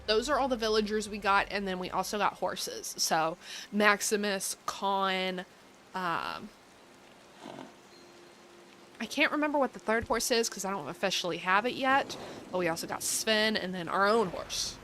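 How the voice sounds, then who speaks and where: A woman's voice: mid-range voice, expressive, moderate pace, pushed and bright, slight background noise, rough recording. Chatty young American woman streaming a game. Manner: rambling and chatty, full of ums and likes. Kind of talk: casual live-stream chat while playing.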